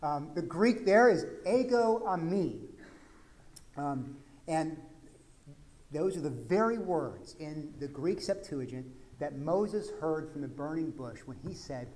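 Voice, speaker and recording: A man's voice: fairly high pitch, lively intonation, a little slow, slight background noise. Texan man preaching a sermon. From Texas. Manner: conversational, swings from soft asides to loud emphatic peaks. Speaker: pastor.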